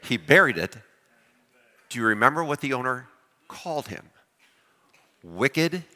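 A man preaching a sermon, lively and animated, often putting questions to his congregation. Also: mid-range voice, long reverb tail. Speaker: pastor.

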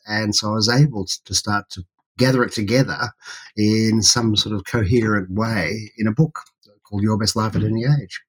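An Australian man speaks as a podcast guest, jovial and full of stories. His voice is somewhat low and husky. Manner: jovial, storytelling. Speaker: guest psychologist. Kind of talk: podcast interview.

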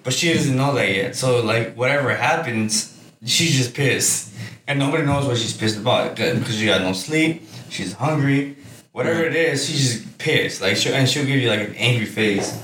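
A young man co-hosting a casual chat, swearing often and telling animated stories with frequent laughs. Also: mid-range voice, normal speed. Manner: profane, laughing, animated storytelling. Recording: roomy, distant mic with clear background noise.

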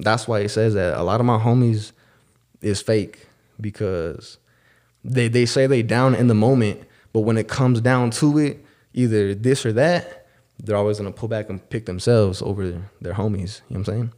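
A man's voice: lowish voice, normal speed, darkish tone. A young man co-hosting a podcast, telling a story in casual slang and acting out the people he quotes. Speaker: podcast co-host.

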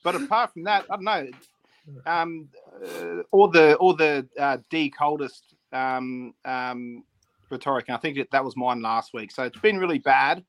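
A man's voice: a little high, measured pace. A man on a podcast, rambling with many ums and swears. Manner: rambling, full of fillers and swearing. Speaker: podcast co-host. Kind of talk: casual chat.

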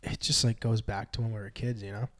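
A man's voice: fairly low pitch, little pitch movement, fast, fairly bright tone. A twenty-year-old man, a musician guest on a casual chat, joking and teasing as he talks.

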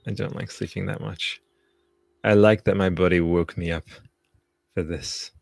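Guy in his 30s streaming live, low gravelly voice, swears a lot, chill hyped chat, faint music behind. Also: fairly even intonation, a little slow, dry recording, studio quality. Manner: loose, profane, hyped-up. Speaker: podcast host.

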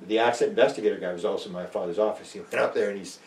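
A man's voice: lowish voice, racing, darkish tone. An older man, a guest author rambling through stories with many restarts and acted-out quotes. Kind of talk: rambling storytelling interview. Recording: roomy and distant.

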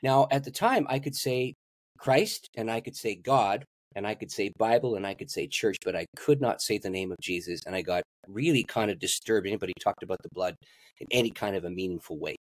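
A man's voice: fairly low pitch, brisk, no echo, clean studio sound. A man, a pastor and guest, telling a story in an interview and laughing at his own stories.

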